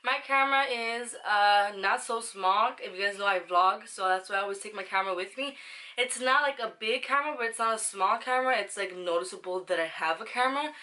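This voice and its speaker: In a casual vlog, a young woman shares a personal story with her viewers, rambling, using slang, and swearing occasionally. Her mid-range voice is bright and forward, and she talks a little fast.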